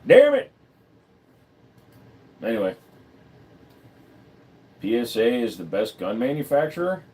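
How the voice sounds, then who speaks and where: A man's voice: mid-range voice, animated, normal speed, dark tone. Blunt, profane man chatting on a livestream. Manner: blunt, profane, rambling, reads chat aloud. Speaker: livestream host. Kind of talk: casual livestream chat.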